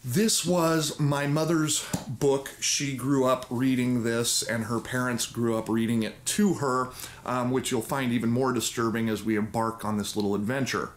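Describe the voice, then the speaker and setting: A man's voice: mid-range voice, fairly even intonation, moderate pace. A man hosting a video and reading an old children's story aloud with wry, theatrical asides. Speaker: YouTube host. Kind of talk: joking story-time reading.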